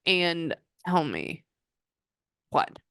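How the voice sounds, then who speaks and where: A woman's voice: fairly low pitch, big pitch swings, extremely slow, creaky, a bit bright, clear, resonant tone, no echo, studio quality. A woman psychic medium giving a client reading, chatting and often quoting the spirit's messages.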